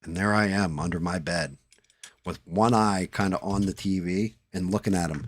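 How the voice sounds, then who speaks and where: A man's voice: low-pitched, steady tone, normal speed, dry recording, clean studio sound. A man hosting a live stream, chatting casually and swearing as he paints at his hobby desk, talking into a headset. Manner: profane, mutters to himself while working. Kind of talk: casual chat while painting.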